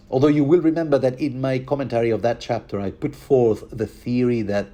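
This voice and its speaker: A man talking through a book chapter in a loose, rambling commentary. His voice sits on the low side, and he chuckles and trips over his words as he goes. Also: mellow. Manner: rambling, chuckling, many fillers and restarts.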